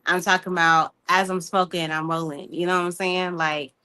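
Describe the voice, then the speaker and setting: A woman, telling her story in a casual group chat in an animated, talkative way. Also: fairly low pitch, normal speed, clear, resonant tone. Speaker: podcast guest.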